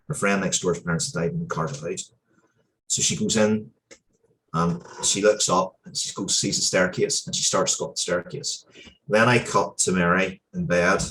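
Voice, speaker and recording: Deep-voiced man, earnest and heartfelt. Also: fairly bright tone, a little hiss or hum. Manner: earnest, heartfelt, with frequent hesitations and restarts. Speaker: interview guest, comic book writer. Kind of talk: casual interview storytelling.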